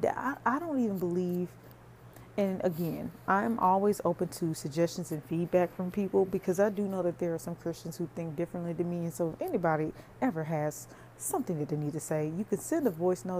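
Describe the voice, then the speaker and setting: A woman's voice: mid-range voice, mellow, slight background noise. A woman hosting a faith podcast, speaking earnestly and conversationally, preaching straight to her listeners. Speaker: podcast host.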